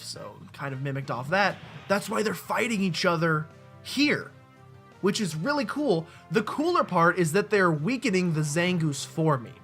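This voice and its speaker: A let's-play host with a somewhat bright mid-range voice rambles and jokes at his own expense as he plays. The audio comes from a desk mic with a webcam.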